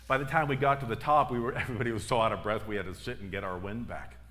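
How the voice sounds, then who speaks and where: This middle-aged man's voice sits on the low side and is a bit bright, with a steady tone even as he races along. He's a minister delivering a sermon in a church sanctuary, hammering home his stories with repeated phrases amid heavy reverb.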